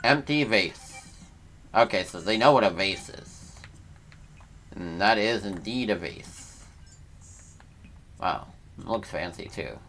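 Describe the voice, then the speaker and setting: A man's voice: deep voice, slow, pauses often, fairly bright tone, faint music behind. A man hosting a let's play, giving casual, slangy gameplay commentary as he thinks aloud.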